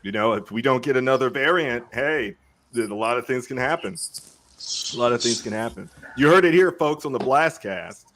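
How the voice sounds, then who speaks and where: Bright, animated male co-host; rambling comic storyteller, laughs a lot. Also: mid-range voice, moderate pace, a little hiss or hum. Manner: rambling, laughs often, puts on silly voices. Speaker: podcast co-host. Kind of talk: casual comedic chat.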